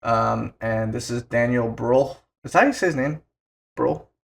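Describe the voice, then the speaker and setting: Casual young man with a gravelly voice. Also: medium pitch, moderate pace. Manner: loose and chatty, lots of "like", swears casually. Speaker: podcast co-host. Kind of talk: casual film podcast chat.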